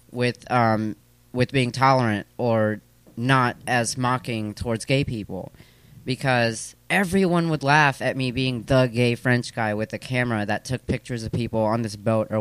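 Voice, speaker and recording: Interview guest, man in his 30s, smooth clear voice, dry close studio sound, rambling self-deprecating chat. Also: medium pitch, fairly bright tone, no echo. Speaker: guest, comedic performer. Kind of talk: casual conversational interview. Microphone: studio microphone.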